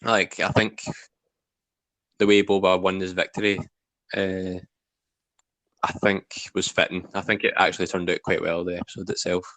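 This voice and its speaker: A man's voice: sits low, flat delivery, moderate pace, long pauses, a bit bright, no echo. A man co-hosting a casual review podcast, recapping scenes in a plain storytelling way. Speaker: podcast co-host.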